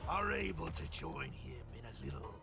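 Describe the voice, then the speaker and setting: An actor playing a sly wolf-man warrior villain in a video game, taunting in a gravelly drawl. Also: mid-range voice, huge pitch swings, heavily acted. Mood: menacing taunt. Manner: taunting, slow and menacing with sudden swoops. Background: game music.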